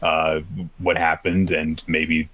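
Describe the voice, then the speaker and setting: A man with a very low, deep voice talks through the week's manga chapters in a loose, rambling way, often jumping into higher voices to act out characters' lines. The sound is close and dry, with no room around it. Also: monotone, slow, fairly bright tone, no room sound. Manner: rambling, acts out characters' lines with pitched-up quotes. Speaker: podcast co-host. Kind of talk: casual chat recapping manga.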